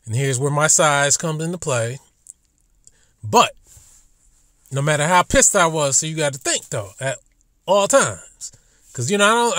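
High-voiced swearing man ranting. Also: no echo, studio quality. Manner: swears heavily, swings between low muttering and loud outbursts, laughs while talking. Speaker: YouTube commentator. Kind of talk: profane storytelling rant.

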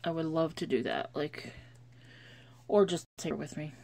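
A woman's voice: low voice, normal speed, creaky, mellow, a little hiss or hum. A woman talking casually in a chatty, rambling devotional vlog about her daily scripture writing. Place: lives in Chicago.

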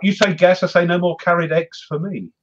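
A British man chatting casually in a group discussion over a video call, jokey and quick to correct himself. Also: high voice, steady tone. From Britain. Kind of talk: casual chat. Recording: dull lo-fi internet call line with faint noise.

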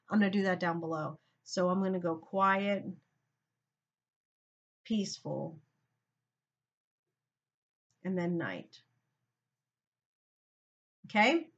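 A woman's voice: on the high side, sharp tone, lo-fi sound. A woman teacher giving a recorded grammar lesson, thinking aloud and talking straight to her students.

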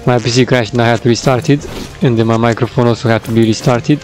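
A young man doing rambling voice-over commentary on his own gameplay, laughing often and getting loud when excited, recorded at his home computer. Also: medium pitch, fast, music in the background, rough recording. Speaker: gaming YouTuber. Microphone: desktop microphone.

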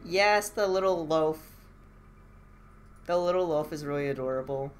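A woman streamer giving relaxed, chatty commentary over a game and laughing easily. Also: low-pitched, normal speed, faint music behind. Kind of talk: casual live-stream commentary.

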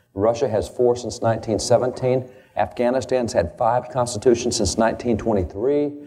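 A man's voice: on the low side, dark tone. A man from the United States giving an emphatic conference speech, lecturing and stressing key words. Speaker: conference speaker. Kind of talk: speech on history and faith.

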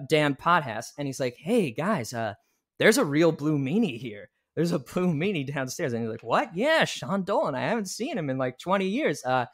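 A man, a musician guest on a podcast, telling stories in casual chat and acting out what people said in lively bursts. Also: fairly high pitch.

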